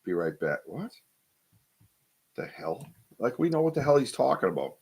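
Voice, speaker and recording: A man's voice: mid-range voice, big pitch swings, normal speed, vocal fry, darkish tone, husky. A man hosting a casual live podcast, rambling and chatty as he reads viewer comments aloud, with lots of ums and restarts. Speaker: podcast host.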